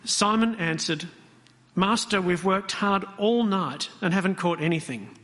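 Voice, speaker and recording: In a church hall with long reverb, a man preaches an interactive sermon, speaking conversationally and asking the congregation questions. His voice is high-pitched, fairly bright, and unhurried.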